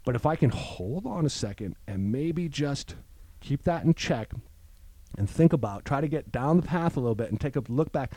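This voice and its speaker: A man's voice: medium pitch, moderate pace, dry recording. A man in recovery, telling a story in casual chat and acting out the voices of the people in it. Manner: animated storyteller, acts out voices. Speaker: guest in recovery.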